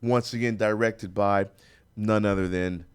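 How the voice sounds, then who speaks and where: A man's voice: lowish voice, fairly even intonation, unhurried, clear, resonant tone. A man hosting a radio talk show from a studio, bantering and joking with a playful, hyped announcer-style delivery.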